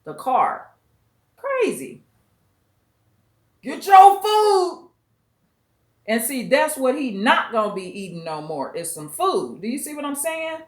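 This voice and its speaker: A woman's voice: on the high side, very animated, normal speed. A woman hosting a vlog, commenting bluntly and emphatically on a clip, with some profanity. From US West Coast. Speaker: commentary channel host. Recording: roomy echo.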